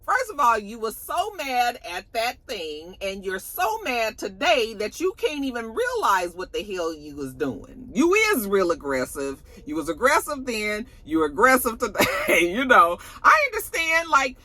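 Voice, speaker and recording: A woman's voice: on the high side, huge pitch swings, a little slow, few pauses, sharp tone, dry recording. A woman giving a blunt, sassy, profane recap of a reality show and acting out the cast's lines. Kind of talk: casual TV recap commentary.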